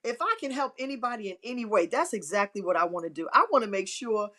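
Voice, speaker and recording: A woman's voice: medium pitch, animated, quick pace, fairly bright tone. A middle-aged woman hosting a live stream, giving emphatic, repetitive, churchy encouragement. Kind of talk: inspirational live-stream talk.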